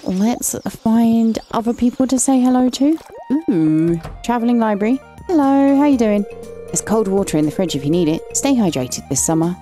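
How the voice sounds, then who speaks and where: A gaming channel host, an English woman with a warm, mid-range voice, gives casual, chatty commentary as she plays and reads game dialogue aloud, fondly calling characters "lovely".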